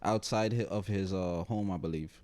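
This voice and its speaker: A young man co-hosting a podcast in casual chat, telling stories with lively acted-out quotes. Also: low voice, normal speed. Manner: animated storyteller who acts out quoted people. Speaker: podcast co-host.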